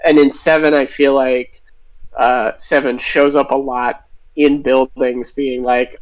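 Guest game designer, male, mid-pitched, eager and musing as he talks. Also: level tone, slow, low-quality recording. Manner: enthusiastic, thinks aloud with tangents. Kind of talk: interview answers.

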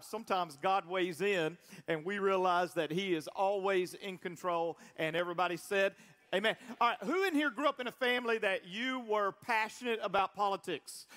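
A man preaching a sermon to his congregation in an animated, conversational way, leading the crowd in call-and-response. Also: high-pitched. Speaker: pastor. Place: church auditorium before a congregation.

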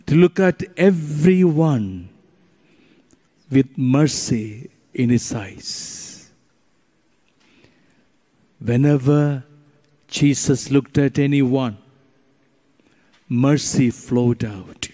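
Slow, emphatic preaching man in a reverberant hall. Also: mid-range voice, dark tone. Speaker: priest leading adoration. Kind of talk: sermon during Eucharistic adoration. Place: church or retreat chapel.

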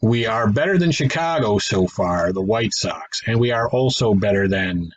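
A man's voice: on the low side, animated, normal speed, a little hiss or hum, poor audio. A man giving casual play-by-play commentary on a simulated baseball game, thinking aloud, correcting himself and adding wry asides. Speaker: gaming channel host.

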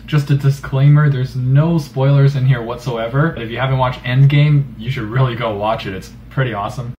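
A man's voice: mid-range voice, fairly even intonation, moderate pace, dull audio. A young man hosting a casual fishkeeping vlog, giving joking, sarcastic commentary as he critiques fish tanks.

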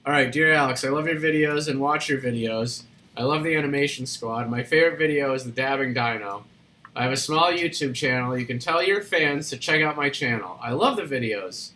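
A man's voice: medium pitch, a little fast, bright, forceful tone. A man hosting a casual live stream, chatty and upbeat, reading fan mail aloud. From Australia. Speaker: streamer host.

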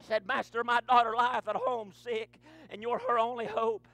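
A man's voice: extremely high pitch, big pitch swings, normal speed, a bit bright, no room sound, soft background music. A man preaching a sermon in church, punctuating nearly every phrase with a rhythmic "uh". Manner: rhythmic preaching with constant "uh" fillers.

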